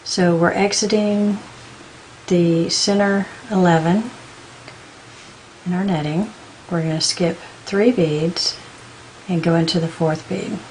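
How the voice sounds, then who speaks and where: A woman giving a patient step-by-step beading tutorial, counting out beads slowly as she works. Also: fairly low pitch, fairly even intonation, darkish tone, slight background noise, low-quality recording. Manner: patient, counts beads aloud in slow steps. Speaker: beading instructor.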